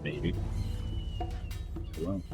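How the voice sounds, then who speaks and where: A man's voice: extremely slow, loud music behind the voice. A man casually commenting while he plays a game, thinking aloud and reading game text. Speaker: streamer.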